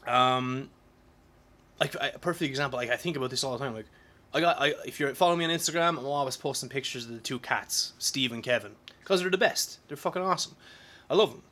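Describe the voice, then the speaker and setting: A man's voice: medium pitch, fast, sharp tone. A man in his thirties talking straight to camera in a casual, rambling monologue, swearing often and restarting his sentences. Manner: profane, rambling, frequent restarts and filler words. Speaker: vlogger.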